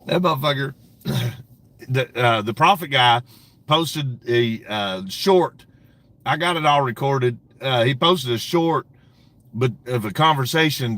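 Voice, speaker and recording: A man's voice: medium pitch, bright, forceful tone, dry recording. A man hosting a casual livestream, talking to his chat in a profane, mocking way and laughing often. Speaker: livestream host.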